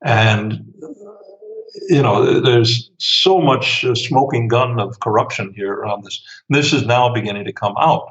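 A man answering interview questions at length, pausing often with fillers and restarts. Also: mid-range voice, fairly bright tone, highs cut off. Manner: hesitant, many fillers and restarts. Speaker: interview guest, author.

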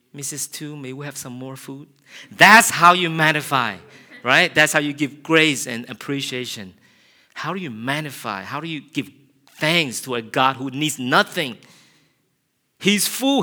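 A middle-aged man preaching a sermon, animated, acting out quotes with a raised voice. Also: mid-range voice. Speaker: pastor.

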